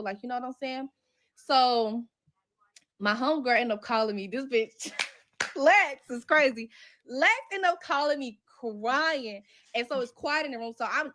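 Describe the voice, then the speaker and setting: A woman tells a story about her own life, swearing freely and jumping into the voices of the people she quotes. Her tone is bright and a little high. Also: moderate pace. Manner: animated, profane, acts out quoted dialogue. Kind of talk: casual storytelling.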